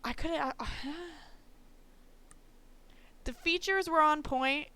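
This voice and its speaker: A woman's voice: high-pitched, slow pace, pushed and bright. A woman streamer chatting casually and laughing a lot while she draws live. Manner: giggly, chatty, self-teasing.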